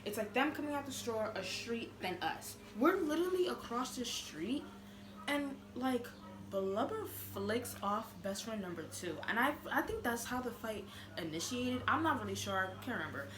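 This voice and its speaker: A young woman vlogger telling a storytime in a sassy, animated way, full of fillers. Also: a little high, normal speed. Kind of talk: casual storytime. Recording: echoey room with noise.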